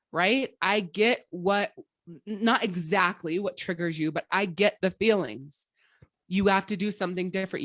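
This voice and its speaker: A woman's voice: on the low side, a bit bright, no room sound, clean studio sound. A woman life coach giving a motivational livestream talk, blunt and profane, rambling with frequent restarts.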